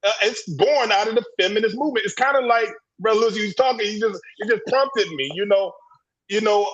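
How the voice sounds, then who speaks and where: Man, high voice, preachy and emphatic, repeats himself, livestream call audio. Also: brisk, slightly rough, dull audio. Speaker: panelist in a men's discussion group. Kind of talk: impassioned group discussion. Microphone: livestream video call.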